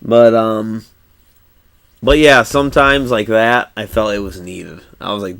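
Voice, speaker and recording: A man's voice: lowish voice, steady tone, unhurried, creaky, a bit bright, smooth, no echo. A man in his thirties streaming a game, chatting casually, rambling and cursing freely with frequent laughs. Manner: laid-back, rambling, swears freely, laughs often. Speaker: gaming streamer. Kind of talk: casual live-stream chat while playing.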